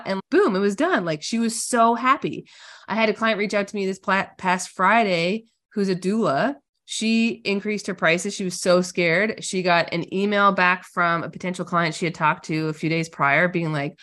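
A woman's voice: medium pitch, moderate pace. A woman who is a business coach, talking casually and energetically in a podcast interview, telling stories full of "like". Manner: energetic, casual, lots of "like", animated storytelling.

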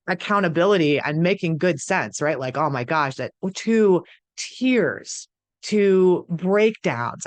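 A woman's voice: deep voice, dry recording. A middle-aged woman coaching partners of addicts in an earnest, emphatic teaching talk, acting out the voices she quotes. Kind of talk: direct-to-camera teaching talk.

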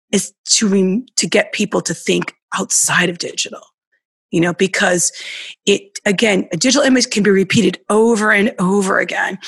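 Woman, art podcaster, earnest explainer, mid-pitched, dry close sound. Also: gravelly, fairly bright tone, slightly rough, no echo. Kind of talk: conversational interview.

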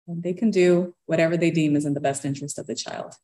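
A woman's voice: low voice, steady tone, quick pace, warm tone. A woman earnestly telling her own story, given to a nervous laugh. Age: adult parent of young children. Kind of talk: personal storytelling.

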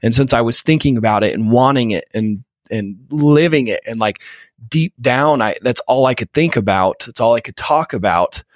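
A man's voice: medium pitch, lively intonation, moderate pace, dry recording, clean studio sound. A man in his thirties, a podcast guest telling an emotional personal story with many repeated false starts. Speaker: podcast guest, real estate investor.

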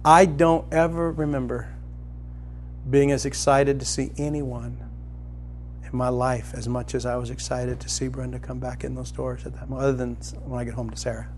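A middle-aged man preaching a sermon as a pastor, telling a personal story and climbing to loud, excited emphasis. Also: mid-range voice, moderate pace, slight background noise.

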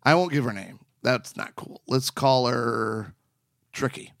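A man's voice: medium pitch, unhurried, vocal fry, no echo, clean studio sound. A man in his forties co-hosting a casual talk show, telling a personal story and acting out the people in it. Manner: animated storyteller acting out quoted voices. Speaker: podcast co-host and marriage counselor.

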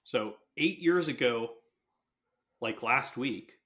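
A man hosting a podcast, talking earnestly in a relaxed conversation, often restarting his phrases. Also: mid-range voice, takes it slowly. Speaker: podcast host.

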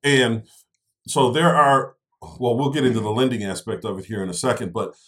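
A medium-pitched, fairly bright voice with a steady tone and moderate pace guides a casual co-hosted chat about real estate investing. He explains each step and tacks on "right?" or "okay?" to check in.

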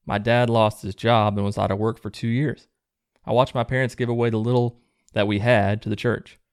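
A man hosting his own show, reading viewer letters aloud in a low-key, plain way and adding relaxed asides between them. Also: brisk, smooth, no echo, clean studio sound. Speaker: host reading viewer stories.

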